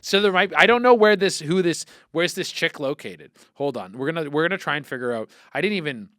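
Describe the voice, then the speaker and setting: A male podcast host ranting comedically with heavy swearing, animated and exclamatory. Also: a little high, a little fast, hardly any pauses, no echo, clean studio sound. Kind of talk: profane comedic rant.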